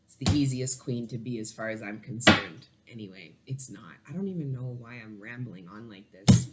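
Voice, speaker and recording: A woman's voice: very deep voice, animated, normal speed, very noisy. A woman giving a casual tarot reading to her viewers, rambling and emotional, swearing freely and laughing between thoughts. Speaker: tarot reader.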